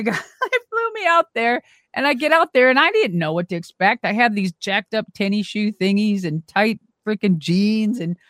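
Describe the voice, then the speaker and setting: A middle-aged woman, a former wrestler and monster truck driver, telling animated stories as a guest and swearing freely. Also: medium pitch, no echo. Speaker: interview guest. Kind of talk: casual storytelling.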